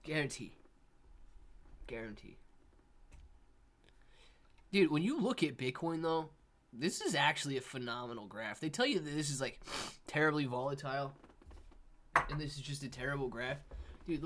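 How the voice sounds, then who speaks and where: A man's voice: fairly high pitch, moderate pace, pauses often. A man hosting a casual livestream, rambling to his viewers while coughing and sniffling from allergies. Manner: rambling, animated, talks to viewers. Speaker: livestream host.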